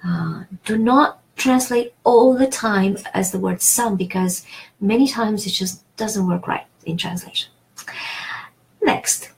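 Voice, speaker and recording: A woman's voice: mid-range voice, lively intonation, takes it slowly, darkish tone, low-quality recording. A woman teaching a French lesson in English, explaining patiently with many fillers and restarts. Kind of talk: online language lesson.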